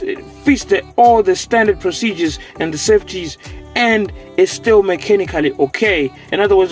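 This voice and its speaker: A man hosting a car channel, talking with excitement and stumbling over his words. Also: high voice. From South Africa. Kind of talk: enthusiastic car advice talk.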